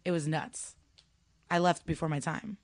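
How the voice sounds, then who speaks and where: Animated woman comedian telling stories. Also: deep voice, normal speed, no room sound. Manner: animated storytelling, acts out quotes. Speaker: stand-up comedian. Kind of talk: casual podcast chat.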